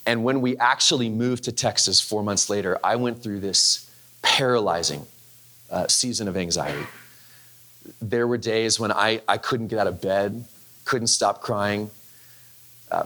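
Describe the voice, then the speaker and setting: A man's voice: lowish voice, sharp tone. A man in his thirties preaching a sermon, telling a personal story in a candid, conversational way with frequent restarts. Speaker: pastor.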